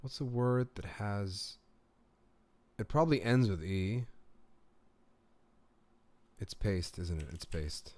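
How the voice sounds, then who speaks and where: Speaking slowly with long pauses, this Gulf-raised Emirati man has a lowish, slightly mellow voice and lively intonation. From his home he runs a relaxed live stream where he laughs a lot, replies to comments, wanders through stories and reasons out a word puzzle aloud.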